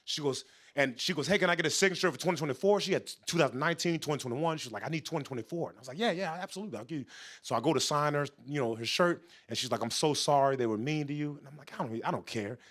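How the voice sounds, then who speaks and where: High, bright-voiced male stand-up comic. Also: racing. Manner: animated, voice jumps high for punchlines. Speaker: stand-up comedian. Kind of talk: stand-up storytelling. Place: large TV studio stage with audience.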